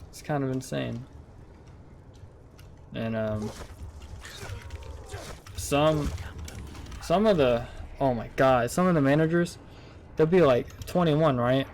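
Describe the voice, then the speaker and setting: A man's voice: mid-range voice, slow, long pauses, darkish tone, slight background noise. Profane rambling young man. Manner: profane, rambling, rises to incredulous outbursts. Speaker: vlogger. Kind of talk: casual storytelling rant.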